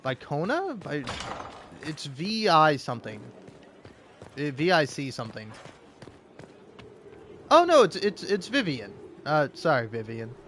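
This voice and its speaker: A young man rambles through casual gameplay commentary, stammering and cursing as he jokes along. His pitch swings widely and sits a bit high for a man. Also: very animated, a little slow, long pauses, fairly bright tone, a little hiss or hum. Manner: rambling, swearing, jokey, stammering. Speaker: gameplay streamer.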